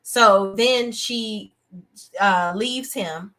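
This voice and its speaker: A woman's voice: mid-range voice, drawn-out words. Outspoken woman with a blunt casual chat. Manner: animated, outspoken, breaks into acted voices of characters. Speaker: TV review show host. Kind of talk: casual live-stream review chat.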